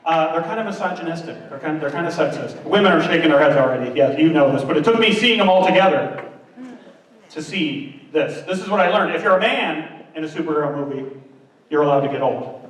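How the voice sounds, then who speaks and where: A man doing a stand-up comedy set, chatty and animated, who keeps asking the audience questions. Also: on the high side, a little fast. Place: large room on stage before an audience. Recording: roomy hall, distant mic, audience.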